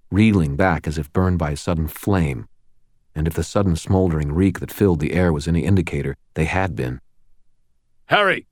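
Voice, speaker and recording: A man reading a first-person audiobook in a steady, measured narration style. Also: a bass voice, dry recording, studio quality.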